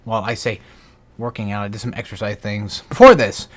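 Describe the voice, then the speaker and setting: A man's voice: on the low side, a little fast. A man narrating a game guide over gameplay in a casual, rambling way, a bit out of breath. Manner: rambling, many fillers and restarts.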